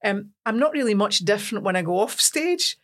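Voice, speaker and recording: A Scottish woman from Scotland, a singer as an interview guest, telling lively stories with laughs in casual chat. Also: medium pitch, a little fast. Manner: lively storytelling with laughs and acted-out quotes.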